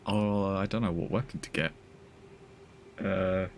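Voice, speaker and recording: A man's voice: sits low, fairly even intonation, measured pace, a little hiss or hum. A man streaming a game, talking in a dry, teasing, sweary way. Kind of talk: casual gaming stream chat.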